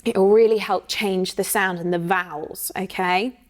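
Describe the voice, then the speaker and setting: A woman's voice: medium pitch, fairly even intonation, normal speed. A woman, teaching an online singing workshop in an encouraging way and checking in often with "okay?". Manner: counts in and sings demo phrases.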